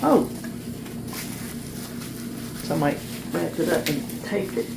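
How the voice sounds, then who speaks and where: This is a woman, chatting folksily to viewers in a casual vlog. She laughs easily and rambles from one thought to the next, speaking into a phone camera. A steady car rumble sits clearly under her voice. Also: takes it slowly. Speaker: vlogger. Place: in a car, then at home.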